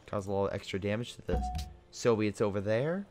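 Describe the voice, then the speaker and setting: A young man with a fairly low voice talks through his strategy game in a relaxed, casual way, thinking aloud as he orders units around. Game music plays clearly behind him. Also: a little fast. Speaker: gaming video host. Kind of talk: casual gameplay commentary.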